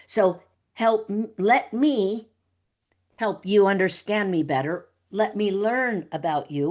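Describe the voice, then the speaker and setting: A middle-aged woman guesting on a podcast, talking in an animated way, laughing often and acting out little dialogues. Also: mid-range voice, slow. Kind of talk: conversational podcast interview.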